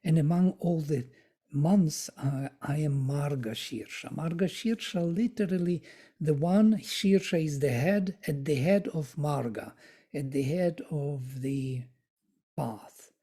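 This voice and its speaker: A study group teacher reading verses aloud and explaining them word by word, with soft, thoughtful asides and small self-corrections. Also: medium pitch, takes it slowly, husky. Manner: recites verses, then glosses them word by word. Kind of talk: slow explanatory reading and commentary on scripture.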